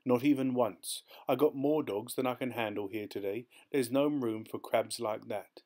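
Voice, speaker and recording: A man voicing a brisk, cocky male dog-race organiser in an audiobook, speaking curtly and dismissively. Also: mid-range voice, close to an everyday voice. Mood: brusque. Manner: curt, dismissive, sharp and loud. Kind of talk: audiobook character voice.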